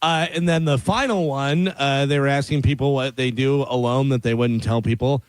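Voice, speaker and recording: A man co-hosting a morning radio show in casual chat, animated and acting out his own quotes in a studio. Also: mid-range voice, moderate pace, smooth, dry recording, poor audio. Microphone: close studio mic.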